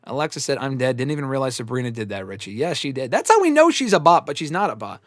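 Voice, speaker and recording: A man's voice: mid-range voice, fast talker, no room sound, studio quality. A man hosting a live stream, reading chat messages and chatting casually, swearing freely and laughing often. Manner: swears often, laughs a lot, animated and rambling. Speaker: host answering live chat.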